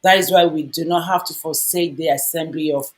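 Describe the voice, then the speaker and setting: A woman's voice: deep voice, steady tone, a little fast. A woman co-hosting a faith-based talk show, speaking in an earnest, encouraging, preacher-like way. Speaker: co-host.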